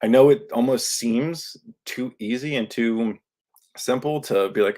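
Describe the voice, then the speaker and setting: Animated podcast host, man. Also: medium pitch, measured pace. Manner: animated, acts out quoted lines; self-described yelling into a microphone. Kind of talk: casual podcast monologue. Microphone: studio microphone.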